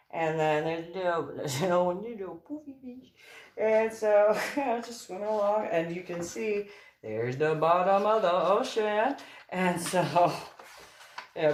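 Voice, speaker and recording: A woman casually telling a story about her scuba dives, laughing often and acting out the dialogue in a high voice. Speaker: author reading and commenting on her book. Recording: roomy sound, a bit far from the mic.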